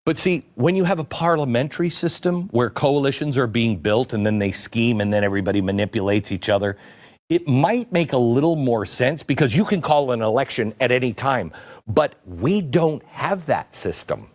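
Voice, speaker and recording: A man's voice: mid-range voice, lively intonation, normal speed. Sarcastic man for a commentary show, voice rising and falling a lot. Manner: sarcastic, mocking asides. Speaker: political commentary host. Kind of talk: political commentary.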